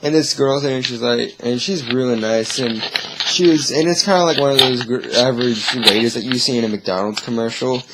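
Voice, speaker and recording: A man's voice: medium pitch, heavy background noise. A man vlogging, telling a long story in a rambling, easily sidetracked way with chuckles. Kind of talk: casual storytelling.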